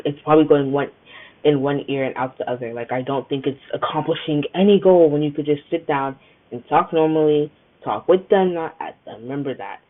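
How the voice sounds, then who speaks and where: A young adult woman hosting a podcast, giving her opinions in a chatty, emphatic way. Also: rumbling low. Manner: chatty and emphatic, many filler "like"s. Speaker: podcast host. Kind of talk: casual opinion monologue. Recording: tinny phone-like sound.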